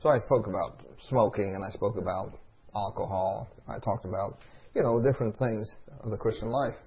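On a dull lo-fi recording, a middle-aged preacher with a mid-range voice and a breathy edge delivers a sermon. He tells a story and asks his congregation call-and-response questions.

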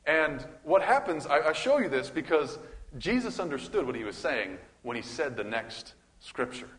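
A male pastor teaching a bible study, animated, asking questions and reading scripture aloud. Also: fairly high pitch, normal speed, in a large hall.

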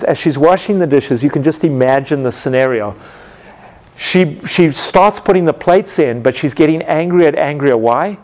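Animated man teaching a class, slightly high voice. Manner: animated storytelling, acts out scenes with sound effects. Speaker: Bible teacher. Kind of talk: teaching talk with questions to the class.

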